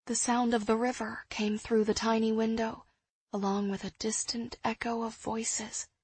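A woman narrating an audiobook in the first person, in a measured, hushed storytelling manner. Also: a little high, level tone, breathy edge, no room sound.

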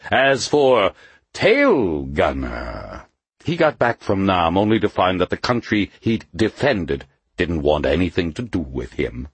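A male audiobook narrator performs a wary, grim underground leader in a full character voice, hissing silkily. The voice is husky, slow, and pitched above the narrator's natural register. The recording is dry and close with no room sound.

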